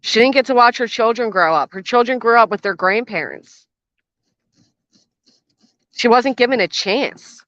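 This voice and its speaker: A woman's voice: fairly high pitch, expressive, normal speed, pauses often, fairly bright tone, no room sound. An older woman hosting a reaction commentary channel, blunt, sarcastic and swearing freely, recorded outdoors by a garden fence. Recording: dull, dry lo-fi sound.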